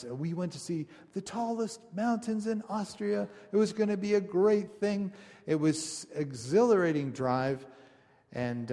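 A man preaching a conversational sermon, telling stories with animated asides to his congregation. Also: medium pitch. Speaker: pastor. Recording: long hall reverb.

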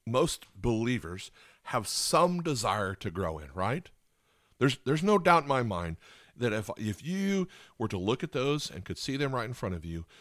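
A man's voice: on the low side, fairly bright tone, no echo, clean studio sound. A man preaching a sermon as pastor, repeating key lines and asking listeners rhetorical questions.

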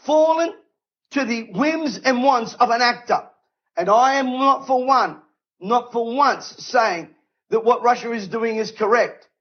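A high-voiced man delivers a fiery sermon from the platform, driving his points home with repeated rhetorical questions. His delivery is emphatic and unrelenting, and the recording sounds a little dull and lo-fi. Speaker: preacher. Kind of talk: impassioned sermon. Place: event stage.

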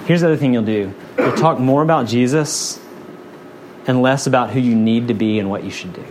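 A man preaching a sermon, earnest and conversational, stacking up repeated phrases. His voice sits at an ordinary middle pitch. A faint hiss runs underneath. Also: a little fast. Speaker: pastor.

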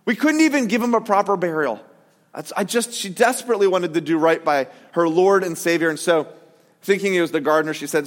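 A man preaching a sermon in a casual, animated way, with jokey asides. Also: on the high side, quick pace, long reverb tail. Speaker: pastor.

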